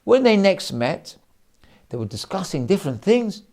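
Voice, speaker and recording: Animated rabbi telling a story. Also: male voice, sits high, moderate pace. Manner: animated, acts out quotes, many restarts. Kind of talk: sermon storytelling.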